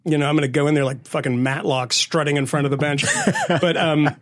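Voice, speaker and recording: A man co-hosting a podcast, telling stories in an animated, profane way and laughing as he goes. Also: a little high, fairly quick. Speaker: podcast co-host. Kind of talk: casual storytelling chat.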